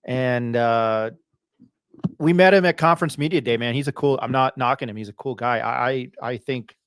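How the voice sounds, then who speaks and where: A man's voice: mid-range voice, normal speed, smooth, no echo, studio quality. A man hosting a casual sports podcast, chatty and self-deprecating, with rambling asides. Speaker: podcast host.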